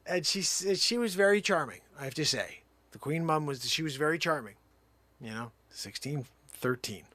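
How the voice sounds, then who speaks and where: Male comedian, rambling improv storyteller, a touch high-pitched, bone-dry room. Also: moderate pace, no echo. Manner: rambling, deadpan tall tale full of fillers. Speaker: livestream comedian.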